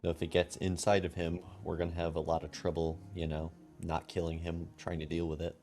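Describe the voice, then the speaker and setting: A man with a deep, flat voice weighs his options in a tabletop game, cautious and even. Faint music runs underneath. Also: brisk. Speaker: player.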